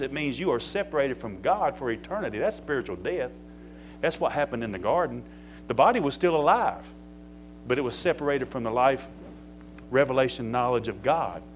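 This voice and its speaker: A man's voice: mid-range voice, a little hiss or hum, poor audio. Folksy preaching man, rising emphatic peaks. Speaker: pastor. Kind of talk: sermon.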